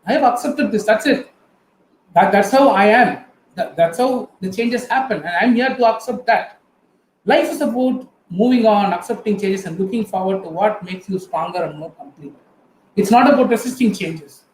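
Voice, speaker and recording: Middle-aged Indian English man as a motivational guest speaker, earnest, talks straight to the crowd, high voice. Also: normal speed, a little hiss or hum. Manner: earnest storytelling, addresses the audience directly. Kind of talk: motivational talk. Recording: echoey room with faint ambience.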